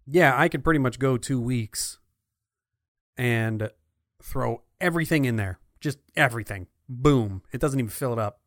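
A man's voice: medium pitch, moderate pace, a bit bright, no echo, studio quality. Easygoing man chatting on a podcast. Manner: easygoing, chuckling, playful voices for quotes. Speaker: podcast co-host. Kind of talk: casual chat.

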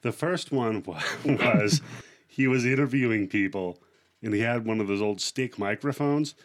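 A man's voice: mid-range voice, normal speed. A man on a casual podcast, telling stories animatedly and acting out the people in them. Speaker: podcast co-host. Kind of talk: casual chat.

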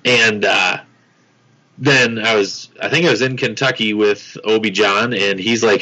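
A man's voice: on the low side, steady tone, measured pace, bright, forceful tone. A man co-hosting a casual podcast chat, telling stories in an easygoing way. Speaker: podcast co-host. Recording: dull lo-fi sound.

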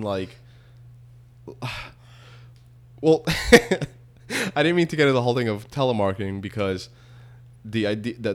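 A man with a fairly low voice talks through a casual podcast discussion. He rambles, restarts his sentences and presses his co-host with questions. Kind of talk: casual chat.

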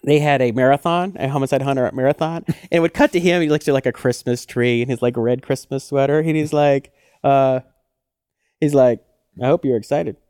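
A man co-hosting a podcast in casual chat, telling stories with lively acted-out quotes. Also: mid-range voice, fairly quick, clear, resonant tone, no room sound, studio quality. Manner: animated storyteller who acts out quotes. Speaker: podcast co-host.

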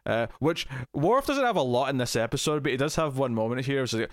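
A man in casual podcast chat, recapping a TV episode in a rambling, animated way and acting out quotes. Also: mid-range voice, quick pace, no room sound, clean studio sound. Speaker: podcast co-host.

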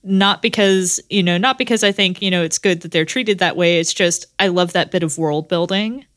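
A woman co-hosting a podcast, enthusing about a show in halting, rambling sentences. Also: lowish voice, fairly bright tone, no echo, clean studio sound. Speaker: podcast co-host. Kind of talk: casual podcast chat.

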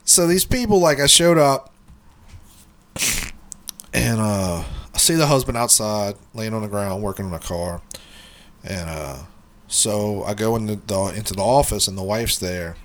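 A man's voice: fairly low pitch, a little slow, pauses often. A man co-hosting a podcast, telling a rambling work story in casual chat, swearing often and laughing as he goes, with his allergies acting up. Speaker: podcast co-host.

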